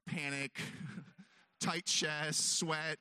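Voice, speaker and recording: A man's voice: a little high, level tone, extremely slow, sharp tone, smooth, no room sound. A man telling a long self-mocking story on stage, acting out his own voice and others' as he goes. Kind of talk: stand-up storytelling.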